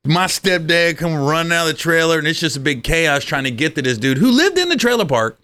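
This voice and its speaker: A comedian telling stories in casual chat, acting out the people in them and laughing often. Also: male voice, a little high, big pitch swings, brisk, pushed and bright.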